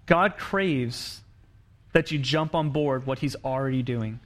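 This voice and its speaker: A male pastor gives a conversational sermon, acting out quoted lines in his story and restarting often. His mid-range voice is fairly bright and moves slowly.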